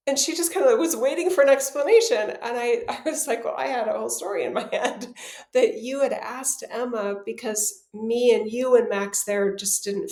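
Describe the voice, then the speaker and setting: A woman co-hosting a podcast, telling a personal story in a casual, animated way, laughing often and acting out what people said. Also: a little high. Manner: animated, laughs often, acts out quoted dialogue. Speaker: podcast co-host. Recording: roomy echo.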